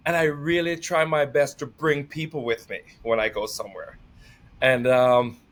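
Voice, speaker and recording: A middle-aged man talking casually as a podcast guest, energetic and emotional, laughing often and near tears. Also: mid-range voice. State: tearful. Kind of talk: casual conversation.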